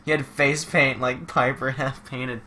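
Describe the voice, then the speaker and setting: A man's voice: medium pitch, flat delivery, measured pace, pushed and bright. A young man live-streaming a wrestling video game, rambling and joking through mock play-by-play commentary from home. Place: home room while streaming.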